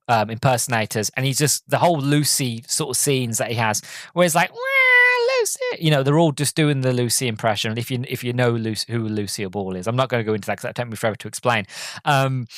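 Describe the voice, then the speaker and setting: A man's voice: medium pitch, no echo, clean studio sound. A man hosting a podcast, recapping a movie in a rambling, enthusiastic way. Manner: rambling, enthusiastic, many restarts. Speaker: podcast host. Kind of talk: casual movie review.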